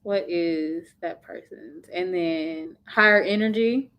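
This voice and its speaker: With a lowish, slightly bright voice and a slow pace, the woman hosts a casual livestream from home. She works through viewer comments, answering with sympathy in a relaxed, filler-heavy way of talking.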